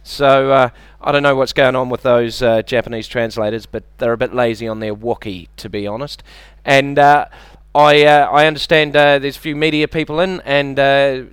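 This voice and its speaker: A man with a New Zealand accent doing a deadpan, self-deprecating stand-up set and bantering with the audience on a club stage. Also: mid-range voice, clear, resonant tone, no room sound. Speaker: stand-up comedian. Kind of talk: stand-up comedy routine.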